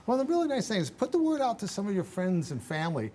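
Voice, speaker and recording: An older man speaks as a radio guest, his voice sitting a bit high. He talks in an animated, emphatic way and restarts often. Faint noise runs under the recording. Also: fast. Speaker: guest travel expert. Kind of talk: radio interview talk.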